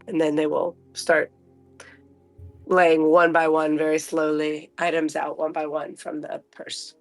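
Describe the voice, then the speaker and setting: A player in a tabletop game, polite and halting, voice recovering from a sore throat. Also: mid-range voice, monotone, no echo, soft background music.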